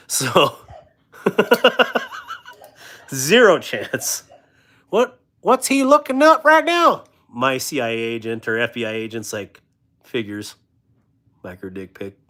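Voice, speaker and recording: Hosting a knife channel's casual live stream, a man in his thirties reads out viewer comments and jokes around about them in a rambling way, laughing often. His voice sits in the mid range with a fairly bright tone.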